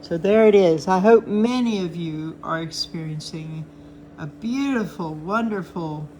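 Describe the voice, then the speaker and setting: Her voice is lowish and dark in tone, a little slow, with some hiss or hum in the recording. An older woman hosting a chart update show, she chats casually and cheerfully through the charts and talks sweetly to her cats.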